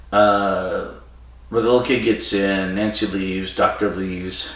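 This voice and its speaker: A man's voice: on the low side, steady tone, a little slow, a bit bright. A man hosting a podcast, casually recapping a story with digressions and self-corrections. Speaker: podcast host. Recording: very echoey room, far from mic.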